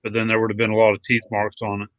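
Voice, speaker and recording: A man with a fairly low voice speaks plainly and matter-of-factly as a podcast guest. The sound is dry and close, with no room around it. He often agrees with a quick word. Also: monotone, fairly bright tone, no echo, poor audio. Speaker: guest outdoorsman. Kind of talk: casual podcast chat.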